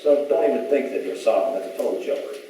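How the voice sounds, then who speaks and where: A man's voice: medium pitch, expressive, fast, warm tone. A man giving an emphatic storytelling talk to a live audience. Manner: emphatic, retells exchanges in quoted voices. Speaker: speaker at a public talk. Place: large echoey event hall. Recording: echoey hall from far off, faint hiss.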